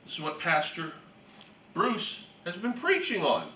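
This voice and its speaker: A man teaching a Bible class who tells stories with lively energy and often clears his throat. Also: high-pitched, measured pace, a little hiss or hum. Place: room for a church class. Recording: echoey room, distant mic.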